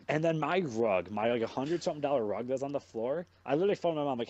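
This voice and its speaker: Speaking at a quick pace with a medium pitch, a young podcast host tells a long story in a casual chat, and the audio is dull. His delivery is animated and rambling, full of constant swearing.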